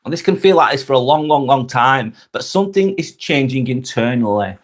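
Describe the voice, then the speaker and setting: Middle-aged English man, mid-pitched, chatty live-stream host who rambles and swears casually. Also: lively intonation, brisk. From England. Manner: swears freely, rambling and repetitive.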